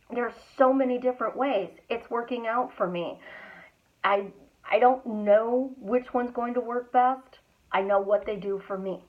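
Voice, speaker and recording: A woman's voice: on the high side, unhurried. A middle-aged woman hosting a podcast, giving an upbeat motivational talk and stretching out her words for emphasis. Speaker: podcast host and manifesting coach. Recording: tinny phone-like audio.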